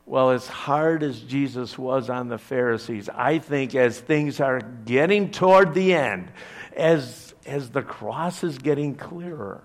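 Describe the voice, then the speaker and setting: A man preaching a sermon as pastor, conversational, swinging between emphatic bursts and quiet asides. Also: mid-range voice, slow pace. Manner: conversational, with fillers and restarts.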